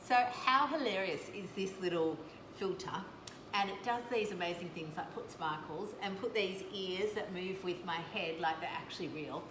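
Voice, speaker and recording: A woman's voice: on the low side, moderate pace. A woman, a doctor hosting a casual live cooking and coaching stream, chatty and effusive, rambling through asides to her viewers. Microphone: webcam or phone camera mic. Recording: echoey room with background noise.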